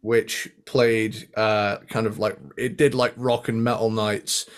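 A man's voice: lowish voice, level tone, slow pace, clean tone. A man co-hosting a podcast, chatting casually and with enthusiasm, humming guitar riffs and swearing freely. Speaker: podcast co-host. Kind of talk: casual chat.

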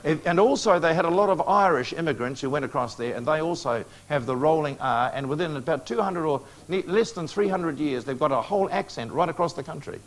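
Slightly high-voiced man preaching to a crowd. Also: lively intonation, fairly quick, few pauses. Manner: coaxes the audience with questions and joking asides. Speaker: preacher lecturing on prophecy. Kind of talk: lecture to a live audience.

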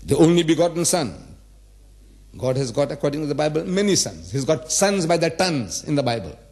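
A man's voice: fairly high pitch, very animated, a little fast, darkish tone. A man in his seventies giving a public religious lecture, emphatic and repetitive, asking the audience rhetorical questions. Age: 70s.

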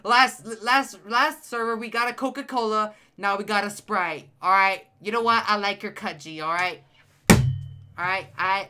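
Excitable and chatty, this male streamer talks to his live chat as he plays, reacting to messages and repeating himself. His voice is high and cracks at times. He speaks smoothly and a little slowly.

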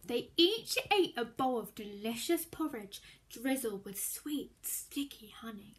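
A woman reading a children's story aloud in an expressive, animated way, sometimes dropping to a hushed whisper. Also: sits high, unhurried, hardly any pauses.

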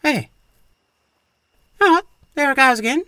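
A man voicing a crude, cheeky Australian bloke in a cartoon with a shrill, cockatoo-like voice, swearing constantly. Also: lively intonation, pushed and bright, dry recording, full character voice. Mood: excited. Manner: swears constantly, quick comebacks. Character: squawky wiry Aussie bloke, crude and cheeky. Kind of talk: animated cartoon voice acting.

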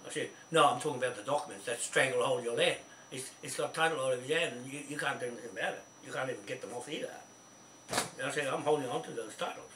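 A man's voice: medium pitch, quick pace. A man with a New Zealand accent talking in a rambling, insistent way on a call, with many restarts and repeated words, often asking "see?". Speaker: speaker on a phone call. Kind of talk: rambling phone chat. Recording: echoey, distant, faint hiss.

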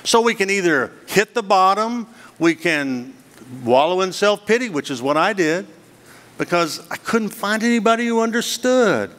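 Earnest preacher in a reverberant hall. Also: male voice, high voice, expressive, moderate pace, fairly bright tone. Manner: earnest, dramatic storytelling with rhetorical questions. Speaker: guest speaker. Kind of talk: sermon. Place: church hall.

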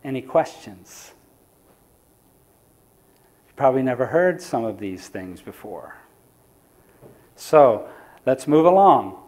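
A man's voice: medium pitch, big pitch swings, takes it slowly, long pauses, a little mellow. A man preaching in a church, teaching the audience in a conversational lecture style and asking them questions. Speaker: evangelist.

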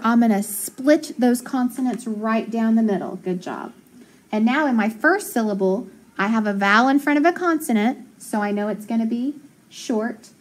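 A woman's voice: medium pitch, poor audio. A woman teacher walking young children through phonics, splitting words into syllables, sounding them out, and praising them.

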